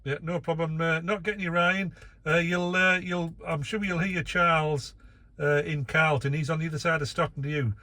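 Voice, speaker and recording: A man's voice: fairly high pitch, fairly even intonation, moderate pace, sharp tone. A man running an amateur radio net from his vehicle, chatting casually and reading out call signs with many filler uhs. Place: in a vehicle, operating mobile.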